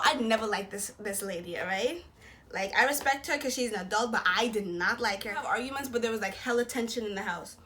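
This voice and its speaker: A young woman vlogger telling a personal story in a casual, slangy, animated way, acting out what people said. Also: medium pitch. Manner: slangy, animated retelling with quoted voices.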